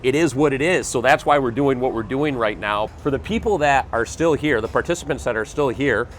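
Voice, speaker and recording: A man's voice: medium pitch, fairly quick, slight background noise, rough recording. A man hosting a charity event livestream, talking in a folksy, upbeat, joking way. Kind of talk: casual livestream announcement.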